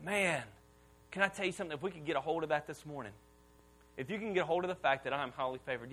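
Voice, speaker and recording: A man in his thirties preaching a sermon as pastor to a church congregation, casual and animated, leading the room in call-and-response. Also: on the high side, quick pace, slightly rough. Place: church auditorium before a congregation.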